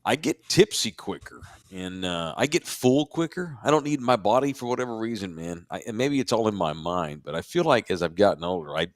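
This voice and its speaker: A man's voice: fairly low pitch, animated, brisk, few pauses, dry recording. A middle-aged man, co-hosting a podcast in laid-back, rambling casual chat. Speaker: podcast co-host.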